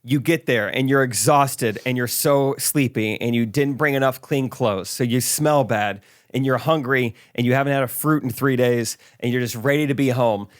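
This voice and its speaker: In a casual podcast conversation, the male host spins lively stories and laughs a lot, speaking at a normal speed with a medium-pitched voice.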